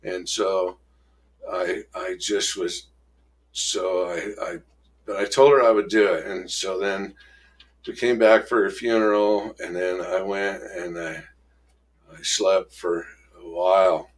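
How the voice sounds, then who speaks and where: A middle-aged man candidly telling his life story in an interview, rough-spoken, acting out old arguments in raised voices. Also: low-pitched, steady tone, takes it slowly.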